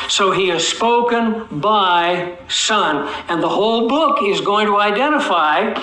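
Bright-voiced man preaching in an echoey room. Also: sits high, slight background noise. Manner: teaching, asks the congregation questions, slows and stretches key words for emphasis. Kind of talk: expository sermon.

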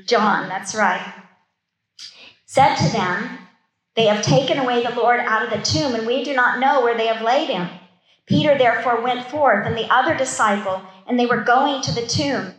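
A woman teaches a Bible study sermon in a fairly high voice. She reads the verses aloud, then breaks off into casual, conversational asides about them. The room adds a noticeable, roomy echo. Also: normal speed.

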